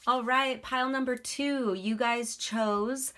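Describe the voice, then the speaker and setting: A woman's voice: a little high, fairly even intonation, slow pace, sharp tone. A young woman giving a casual, emotional tarot reading to camera, chatty and giggly, with many fillers. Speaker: tarot reader.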